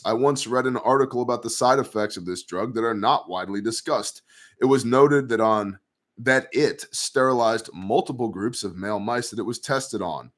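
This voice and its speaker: A man hosting a casual news commentary show, talking in a sarcastic, profane, conspiratorial way and reading viewer emails. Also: on the low side.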